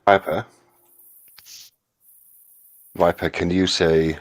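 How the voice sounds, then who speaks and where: A man's voice: low-pitched, animated, normal speed. A man hosting a casual live group chat, teasing and making playful requests.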